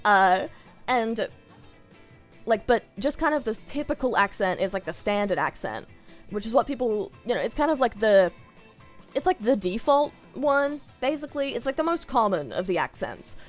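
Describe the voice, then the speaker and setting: A woman's voice: fairly high pitch, sing-song, normal speed, soft background music. A woman with an Australian accent chatting casually on a stream, giggling often and rambling off on tangents.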